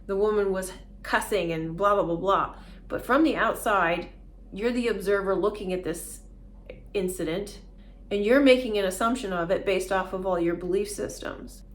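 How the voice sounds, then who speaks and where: A woman vlogger talking casually and earnestly through a self-help idea, often laughing as she explains. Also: mid-range voice.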